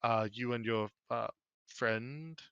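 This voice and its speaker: A man voicing a stern, formal noble father who speaks in a measured, blunt way. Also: mid-range voice, a bit bright, clear, resonant tone, no echo, dull audio.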